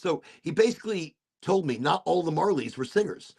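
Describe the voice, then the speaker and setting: A man's voice: fairly high pitch, expressive, a little fast, gravelly, few pauses, darkish tone, husky. A man hosting a casual chat, telling rambling stories and laughing often. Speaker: podcast host.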